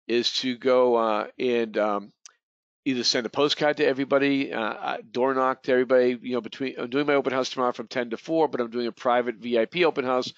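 A man with a mid-range voice leads a real estate training webinar, rambling through his presentation with many restarts and repeated words. The webinar audio is dull and lo-fi, with no echo.

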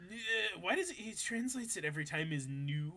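A man's voice: sits high, lively intonation, moderate pace, a crowd in the background. A man casually riffing over an anime with a friend, sarcastic and swearing, reading lines aloud in silly voices.

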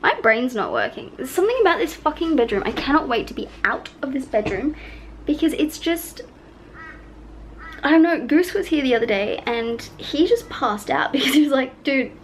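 A talkative woman vlogs into a handheld camera, rambling from one thought to the next and swearing freely. Her voice sits a little high, and steady ambient noise runs under the recording. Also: normal speed. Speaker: vlogger. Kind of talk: casual vlog chat. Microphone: handheld camera mic. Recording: noisy ambient background.

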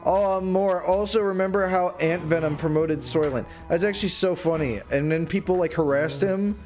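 Young guy streaming games, kinda high voice, rambles then yells in fake outrage, desk mic. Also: normal speed, faint music behind. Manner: rambling, jumps into mock-outraged high shouts. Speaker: livestreamer. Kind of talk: casual gaming livestream chat. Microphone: desk microphone.

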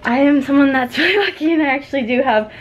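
A woman's voice: sits high, fast talker. Chatty young woman vlogging at home. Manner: chatty, laughs often, lots of "like". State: out of breath. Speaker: vlogger, stay-at-home mom. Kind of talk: casual vlog chat. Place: home, indoors.

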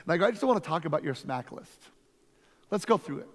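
A man, a lead pastor, teaching a conference workshop through energetic, emphatic stories. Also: fairly high pitch, fast talker. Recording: long reverb from a hall.

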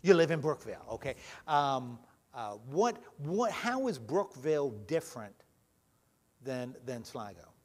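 A man's voice: mid-range voice, very animated, unhurried. Folksy man chatting with kids. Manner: gentle, questioning, folksy. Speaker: pastor leading a children's message. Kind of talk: friendly talk with children in church. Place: church sanctuary.

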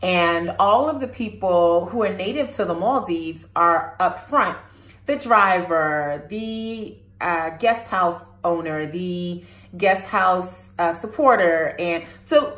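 In a roomy space, a woman with a fairly low voice hosts her own channel, telling the camera a personal story. She's animated and keeps turning to ask her viewers questions.

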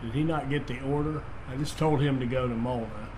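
Against a noisy background, a man with a steady, mid-range voice speaks fairly quickly while casually commenting on his own gameplay. He hosts this let's-play, thinking aloud with fillers and restarts.

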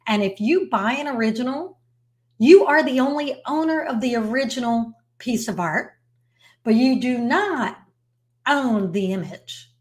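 Animated woman telling business stories. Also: fairly high pitch. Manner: animated storyteller, emphatic repetition. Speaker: artist's business manager and author. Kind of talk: casual storytelling advice to camera.

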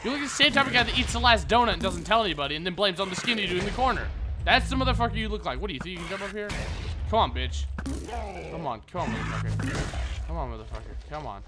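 Man trash-talking his game in high pitch. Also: lively intonation, rapid-fire, very noisy. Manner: profane trash talk at game enemies. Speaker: gaming video host. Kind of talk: casual let's play commentary.

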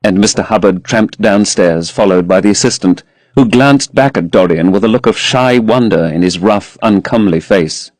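Man, audiobook narrator, low voice, measured, dry close recording. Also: a little mellow, no echo. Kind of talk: audiobook reading of a classic novel.

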